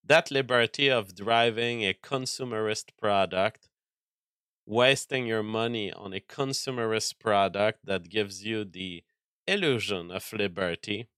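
Man, lowish voice, smooth resonant tone, dry close sound, casual livestream rant, stammering restarts. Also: measured pace, a bit bright, dry recording. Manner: mock-angry ranting, profane, stammering restarts. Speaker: livestream host reading chat.

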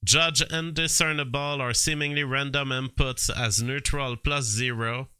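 A man giving casual commentary and reading text aloud from a screen, halting and full of fillers, with bursts of disbelief. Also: medium pitch, fairly even intonation, sharp tone, smooth, dry recording.

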